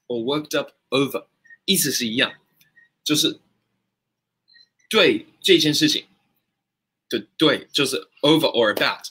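A man hosting a casual live-stream English lesson, talking animatedly and slowing down to repeat and spell out phrases. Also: mid-range voice, sharp tone, husky.

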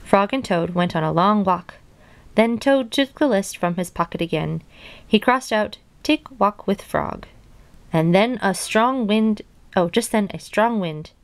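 A woman's voice: medium pitch, animated, measured pace, no room sound. A young woman reading a children's storybook aloud at her mother's house, with casual, chatty asides between passages. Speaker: reader of children's books.

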